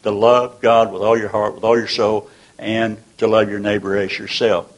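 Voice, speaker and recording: A man's voice: lowish voice, level tone, normal speed, highs cut off. An older man preaching a sermon in a folksy, earnest way, asking many rhetorical questions and often restarting his sentences.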